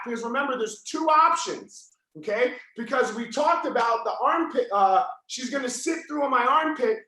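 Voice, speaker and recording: A man teaching a live online jiu-jitsu class, yelling his coaching cues as he walks students through each move. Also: very high voice, very echoey.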